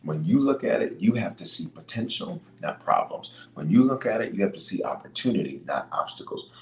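A man's voice: sing-song, a little fast, creaky, roomy sound, low-quality recording. A bishop preaching on leadership, reading scripture and repeating his key points with emphasis. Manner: emphatic, repeats key lines, swings between loud bursts and low asides. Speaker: bishop and podcast host.

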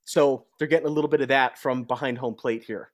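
A man's voice: medium pitch, steady tone, fairly quick, no room sound, studio quality. A young adult man chatting casually on a sports talk show, telling stories in a chatty way. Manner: chatty storyteller. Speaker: podcast co-host.

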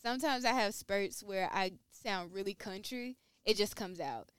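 A young woman chatting in a relaxed, agreeable way on a casual podcast, often chiming in with short affirmations. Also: mid-range voice, normal speed, clear, resonant tone, no room sound. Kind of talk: casual chat.

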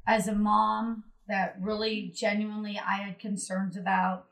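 A woman's voice: medium pitch, level tone, unhurried, gravelly, a bit bright. A middle-aged woman, the guest's mother, speaking earnestly in casual podcast chat.

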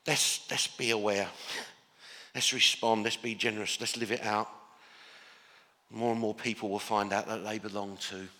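A man's voice: on the low side, flat delivery, moderate pace, pauses often, bright, forceful tone, big-room sound. Earnest English-accented man preaching. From Northern Ireland. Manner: earnest, with many restarts, builds to emphatic declarations. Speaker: pastor. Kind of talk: sermon.

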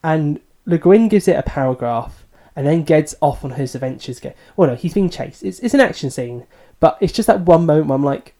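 Mellow-voiced man discussing a book. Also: a little high, animated, normal speed, few pauses. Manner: thoughtful, hedging, self-deprecating. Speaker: podcast co-host.

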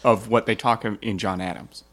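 A man's voice: fairly low pitch, fairly even intonation, moderate pace, fairly bright tone. A man acting as history expert on a comedy podcast, dry and explanatory. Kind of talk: casual comedic chat.

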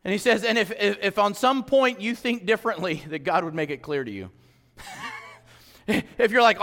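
A middle-aged male pastor preaching a sermon in a church, conversational and swinging between quiet reflection and emphatic exhortation. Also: sits high, lively intonation, normal speed. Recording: long hall reverb.

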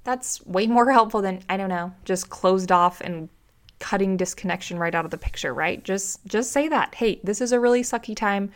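A woman in her thirties hosts a solo podcast as a relationship coach. She talks at a middling pitch, lively and conversational. She slips into short acted-out exchanges between partners as she goes. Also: normal speed. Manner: lively, animated, acts out little quoted dialogues.

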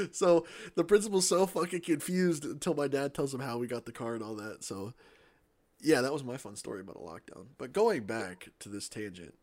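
A man's voice: medium pitch, lively intonation, normal speed, darkish tone. Young man, podcast co-host, casual swearing storyteller, laughs often.

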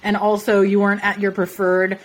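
Woman, podcast co-host, casual chat, playful, self-mocking, mid-pitched voice. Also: completely flat delivery, a little fast.

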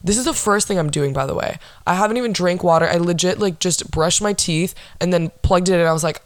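Talking fairly quickly with hardly any pauses, a young woman with a fairly low voice hosts her own casual solo podcast. She rambles dryly and sarcastically, swearing along the way, and the audio has no echo.

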